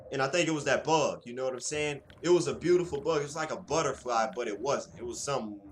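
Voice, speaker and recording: A man reading game text aloud, then breaking off into rambling, slangy commentary that grows louder when he gets excited. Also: mid-range voice, fast, a little hiss or hum. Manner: rambling and talkative, slangy asides. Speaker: gaming channel host.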